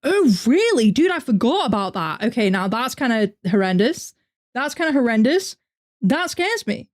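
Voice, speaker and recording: A woman's voice: on the high side, very animated, normal speed. A young woman with a northern English accent, chatting animatedly on a live reaction stream and answering her chat. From north of England. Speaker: VTuber streamer.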